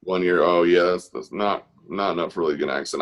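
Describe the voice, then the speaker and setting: Deep-voiced upbeat male class host. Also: brisk, hardly any pauses. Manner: upbeat, chatty and encouraging. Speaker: host of an online art class. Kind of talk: casual live-stream instruction. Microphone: video call.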